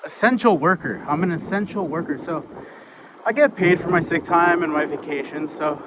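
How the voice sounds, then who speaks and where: A young man chatting casually to the camera while riding his bike outdoors, in a relaxed, rambling way with laid-back slang. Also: fairly high pitch, moderate pace. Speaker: vlogger and bike rider. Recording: wind-buffeted outdoor action-camera audio. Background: wind noise and outdoor ambience.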